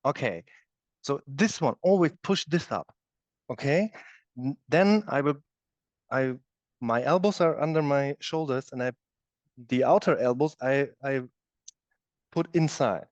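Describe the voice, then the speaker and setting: A man's voice: medium pitch, a little slow, long pauses, darkish tone, no echo. A man teaching a live yoga class, demonstrating the moves as he explains them and often checking in with "okay?". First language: German. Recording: dull, dry studio recording.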